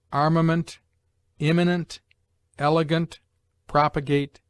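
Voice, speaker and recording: A man reading English pronunciation rules aloud in a measured, list-like way, slowing on each example word. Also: on the high side, dry recording. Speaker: English lesson narrator.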